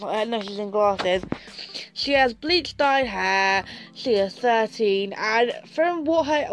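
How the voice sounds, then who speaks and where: A young woman chatting casually to camera, sassy and gossipy, swearing freely. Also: fairly high pitch. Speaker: vlogger.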